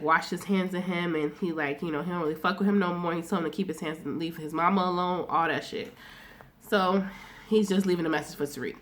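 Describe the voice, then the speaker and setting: A woman's voice: on the low side, a bit bright. A woman recapping a TV episode in a loose, chatty way, with plenty of fillers, slang and swearing. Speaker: TV recap vlogger.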